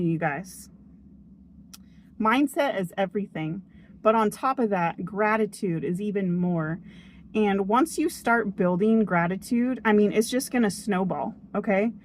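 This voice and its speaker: A woman's voice: mid-range voice, a little mellow. Chatty woman giving a pep talk to camera, earnest, a little faint noise behind her. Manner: earnest and upbeat, chatty, frequent "okay?" and "oh my gosh". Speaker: vlogger. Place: outdoors near a tree.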